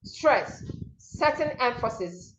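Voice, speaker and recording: A woman's voice: fairly high pitch, expressive, takes it slowly, highs cut off. A woman teaching a pronunciation seminar, saying example words over and over to model the stress. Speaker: diction teacher.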